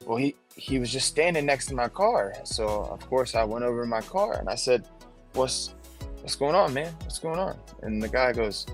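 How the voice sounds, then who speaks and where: A man's voice: mid-range voice, expressive, normal speed, soft background music. Window tinter guest, male, casual chatter, likes to act out quotes. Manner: loose storyteller, acts out quoted voices, swears. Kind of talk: casual chat.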